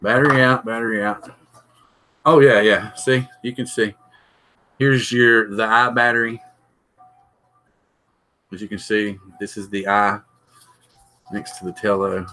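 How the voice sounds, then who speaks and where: A man's voice: fairly low pitch, fairly even intonation, unhurried, long pauses, pushed and bright, faint music behind, rough recording. A middle-aged man, hosting a live stream and thinking aloud as he unboxes, chatting with and greeting viewers. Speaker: drone channel host.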